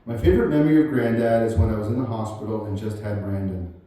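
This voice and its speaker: A man in his forties giving a eulogy for his grandfather, reading family memories aloud in a halting way with many fillers and chuckles. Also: fairly low pitch, steady tone, dark tone. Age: 40s. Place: large hall at a memorial gathering. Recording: very echoey hall, voice heard from far off, faint room noise.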